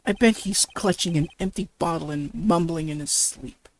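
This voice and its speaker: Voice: medium pitch, normal speed, slight background noise, lightly acted. A reader voicing a cocky male senior attorney who teases his junior partner, in a visual novel game. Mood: teasing. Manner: smug, teasing, with stumbles. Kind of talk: reading game dialogue aloud.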